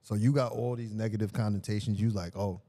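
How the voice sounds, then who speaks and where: A man's voice: fairly low pitch, fairly even intonation, fast, warm tone. A man from New York with a New York accent, co-hosting a podcast and telling stories in a laid-back, casual way. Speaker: podcast co-host. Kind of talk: casual chat.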